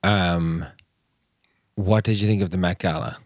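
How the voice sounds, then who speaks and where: A man's voice: low voice, fairly even intonation, unhurried, no echo, studio quality. A man hosting a podcast, chatting loosely and playfully, swearing now and then. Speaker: podcast host, chef. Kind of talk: casual chat.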